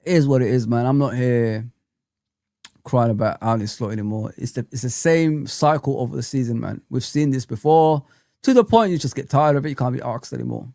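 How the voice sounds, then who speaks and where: A man's voice: mid-range voice, a little fast, mellow, no room sound, clean studio sound. A man hosting a football fan live chat, ranting in an exasperated way and repeating himself for emphasis. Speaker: fan channel host.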